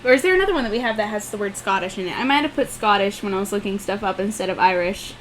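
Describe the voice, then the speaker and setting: A woman's voice: medium pitch, lively intonation, rapid-fire, fairly bright tone, slight background noise. A woman co-hosting a podcast, chatting casually and laughing easily while tasting beer. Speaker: podcast co-host.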